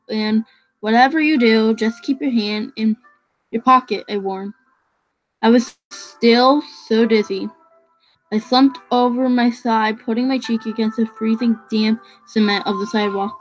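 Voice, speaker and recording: Casual reader: a woman with a raised pitch who trips over words while reading a novel aloud. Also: fairly even intonation, a little slow, faint music behind, poor audio. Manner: stumbling over words, restarting phrases.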